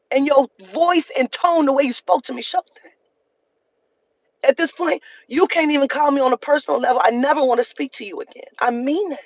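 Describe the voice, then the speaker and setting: A woman's voice: high voice, moderate pace, no room sound, highs cut off. A woman vlogger telling an emotional story in a heated, profane rant, repeating lines for emphasis.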